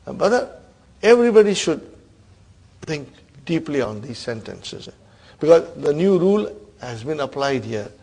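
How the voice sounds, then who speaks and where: A man's voice: fairly high pitch, very animated, normal speed, creaky, darkish tone, breathy edge. A man teaching an Arabic grammar class, quizzing his students and checking in with a "huh?" between points. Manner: questioning students, frequent "huh?" and laughs.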